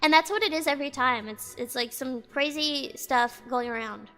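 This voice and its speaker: A young woman vlogger rants casually in a storytime video, rambling with lots of "like" and swearing freely. Her high voice is a bit bright and moves at normal speed. She's indoors with outside noise audible and faint music in the background.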